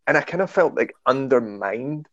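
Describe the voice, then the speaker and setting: A Scottish man chatting casually on a podcast, telling stories with a self-deprecating, animated manner. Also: medium pitch, normal speed, no room sound, dull audio. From Scotland. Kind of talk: casual chat.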